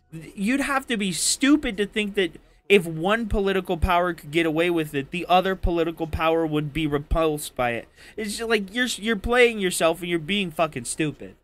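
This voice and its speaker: A man's voice: high voice, fairly bright tone. Angry, profane man arguing politics. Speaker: debate participant. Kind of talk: heated political argument.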